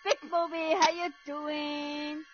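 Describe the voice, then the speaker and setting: A woman hosting a live gaming stream, excitable and loud, swearing and thanking viewers as she plays. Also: sits high, slow, slight background noise. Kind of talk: casual live-stream chat while gaming. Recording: dull lo-fi stream audio with music behind.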